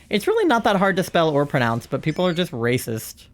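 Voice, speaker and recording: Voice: mid-range voice, very animated, moderate pace, long pauses. A young-adult live streamer chatting casually and rambling while playing a game, often breaking into laughter.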